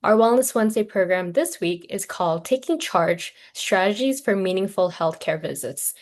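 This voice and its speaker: A woman's voice: medium pitch, lively intonation, normal speed. A woman host welcoming viewers to an online session, reading program announcements in a friendly way. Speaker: webinar host. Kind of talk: scripted program introduction. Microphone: video call.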